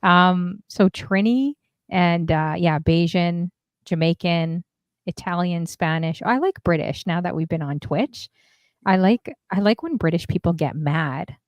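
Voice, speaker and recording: A woman co-hosting a casual dating talk stream, chatting and telling stories in an animated way. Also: fairly low pitch, a little slow, dry recording. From half Indian. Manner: chatty, animated storytelling with laughs. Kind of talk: casual chat.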